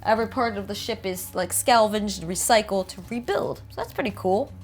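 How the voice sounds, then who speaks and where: A host with a New Jersey accent reads aloud about game art, riffing and cracking jokes as she goes. Her voice is medium-pitched and a little fast, and her manner is chatty throughout.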